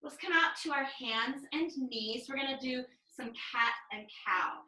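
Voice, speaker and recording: A woman teaching a live online mat pilates class, calmly cueing each move and breath over a video call. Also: high voice, a little slow, roomy sound, rough recording. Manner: calm step-by-step cueing with breath counts. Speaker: pilates instructor.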